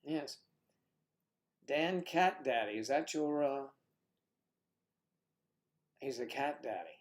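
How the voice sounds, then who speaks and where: A man hosts a casual livestream, reading viewer comments and chatting with his audience. His mid-range voice is animated but slow-paced, and he's playful, tossing out puns and sometimes dropping into a whisper.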